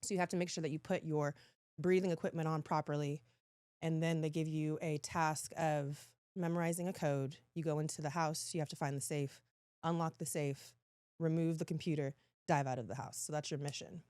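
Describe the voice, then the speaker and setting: A woman guest in a casual podcast chat who tells her stories with lively energy. Her voice sits a little low, and the sound is dry and close. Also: fairly quick, smooth, no room sound. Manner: animated storytelling, laughs often.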